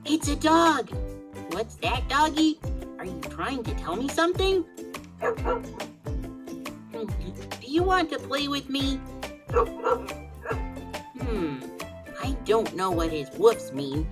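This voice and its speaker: A woman's voice: sits high, very animated, slow, long pauses, far from the mic, music in the background, full character voice. A woman voicing a curious, cheerful young boy in a storybook read-along who keeps asking questions. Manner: wondering, questioning.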